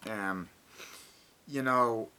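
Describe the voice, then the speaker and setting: A man's voice: on the low side, drawn-out words, clear, resonant tone. A man giving a casual, rambling movie review, swearing often and acting out scenes. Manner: acts out scenes with shouted lines.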